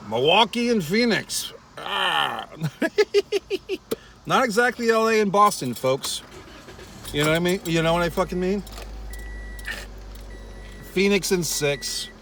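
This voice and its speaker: A man's voice: sits high, animated, normal speed, gravelly, fairly bright tone, a little hiss or hum. Profane rambling man in a car. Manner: profane, rambling, wry asides to viewers. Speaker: vlogger. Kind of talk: casual eating vlog rant.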